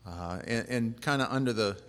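A man preaching as a pastor, speaking in a relaxed, plain-spoken way that wanders with fillers and restarts. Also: medium pitch, normal speed. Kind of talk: casual conversational sermon. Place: church. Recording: long reverb of a church hall.

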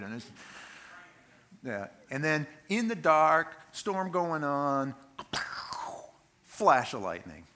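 A male preacher tells a Bible story with plenty of animation. His voice is bright and forceful, and it swings widely in pitch as he acts out each scene. His delivery is conversational and dramatic. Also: sing-song, measured pace. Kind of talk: sermon.

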